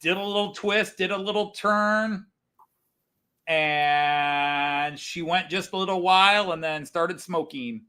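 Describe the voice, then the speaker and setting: A man's voice: high voice, slow, pushed and bright, clear, resonant tone. A man co-hosting a live stream, chatting and joking casually.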